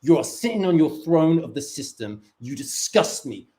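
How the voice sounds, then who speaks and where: A man doing a stand-up comedy set with a deadpan delivery, breaking into lively quoted asides. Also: a little high, normal speed, background noise.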